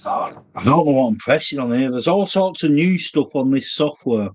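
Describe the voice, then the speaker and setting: A man's voice: mid-range voice, expressive, normal speed, highs cut off. A middle-aged man, rambling and thinking aloud in a casual live-stream chat from a small room he built himself. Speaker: livestreamer.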